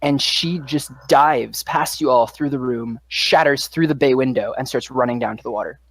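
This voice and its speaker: A man's voice: medium pitch, normal speed, fairly bright tone, dry recording. A man narrating a tabletop adventure as game master, building scenes in a loose, vivid storytelling way full of little fillers. His voice sits in a middle register and comes across dry and close, with no room around it.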